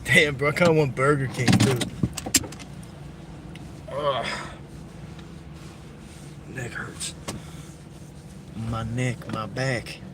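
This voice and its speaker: A man's voice: mid-range voice, extremely slow, pauses often, very noisy. A young man chatting casually on a live stream while driving at night, telling a story loosely and swearing freely. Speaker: livestreamer. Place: inside a car at night.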